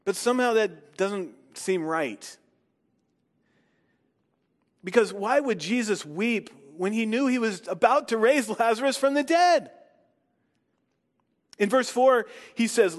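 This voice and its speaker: Male preacher, fairly high pitch, dramatic pausing delivery, reverberant hall sound. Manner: slow dramatic pauses, rising to emphatic questions. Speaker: pastor. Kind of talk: sermon with scripture reading.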